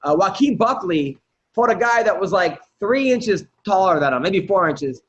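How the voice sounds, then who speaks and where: A man hosting a casual podcast with a loose, filler-heavy way of prompting his guests. His voice sits high, and the audio is slightly dull and lo-fi. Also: lively intonation, normal speed, a bit bright, breathy edge. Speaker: podcast host.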